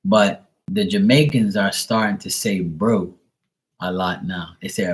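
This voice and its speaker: A man with a slightly low voice talks loosely on a live stream, full of swearing and easy laughter. He rambles freely, like a casual chat with viewers. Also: a little slow. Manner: loose, profane and laughing, imitates accents. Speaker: live tarot reader and streamer.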